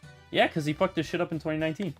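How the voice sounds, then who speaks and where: A man's voice: a little high, fairly even intonation, rapid-fire, a bit bright, faint music behind. A young British man chatting casually and jokily while streaming a game, with a laid-back, swearing manner. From Britain. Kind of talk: casual gaming stream chat.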